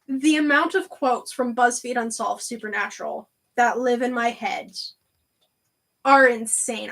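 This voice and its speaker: Chatty woman livestream host, high voice, laughs easily, loose fillers. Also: fairly bright tone, low-quality recording. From Canada. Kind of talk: casual chat.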